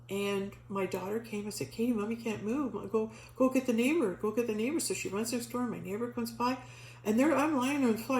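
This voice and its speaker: A middle-aged woman recounting a personal spiritual experience in a casual storytelling voice, at an ordinary pitch. She gets animated and acts out the voices she quotes, stumbling through restarts and fillers. The room around her is echoey, with a faint hum underneath.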